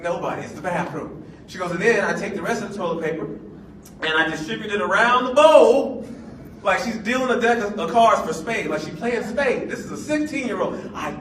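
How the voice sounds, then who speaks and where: High-voiced pastor, playful and laughing. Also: male voice, a bit bright, slight background noise. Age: 40s. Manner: storytelling, playful, laughing often. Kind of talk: sermon. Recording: echoey room, mic at a distance.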